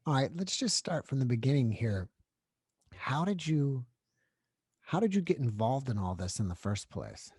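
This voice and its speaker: A man as an interview host, asking brief, calm questions and prompting his guest to go on. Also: mid-range voice, moderate pace, breathy edge, dry recording, clean studio sound.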